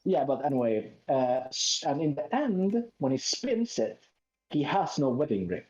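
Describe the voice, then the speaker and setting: A man's voice: fairly high pitch, big pitch swings, measured pace, darkish tone. A man in a casual chat who explains his point insistently, step by step, recorded on a dull lo-fi mic. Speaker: co-host.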